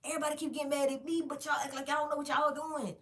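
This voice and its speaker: A woman vlogger telling a casual storytime monologue straight to her viewers, animated and emphatic, with plenty of swearing. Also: sits high, racing. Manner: directly addresses viewers.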